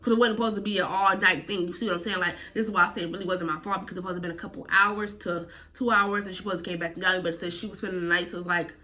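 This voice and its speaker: A woman's voice: on the low side, fairly even intonation, racing, few pauses, bright, forceful tone. A woman vlogger telling a personal story casually, full of slang and cursing. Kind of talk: storytime vlog.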